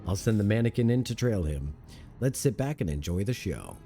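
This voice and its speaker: A man's voice: on the low side, big pitch swings, a little fast, mellow, faint music behind. A man reading aloud the lines of a plain-spoken male adventurer companion from a video game, in his own everyday voice. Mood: matter-of-fact.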